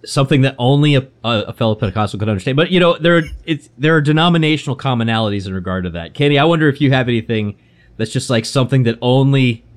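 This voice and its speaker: Guy hosting a podcast, talks fast, chatty and amused, middle pitch. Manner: chatty, amused, wraps in follow-up questions. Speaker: podcast host. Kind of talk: conversational interview.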